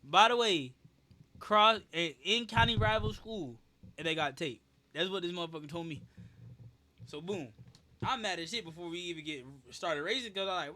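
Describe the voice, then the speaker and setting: A young man with a bright, forceful voice sitting a little high for a man tells a story in a loose, casual way. He is animated and emphatic, swearing freely for effect. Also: moderate pace. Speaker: streamer.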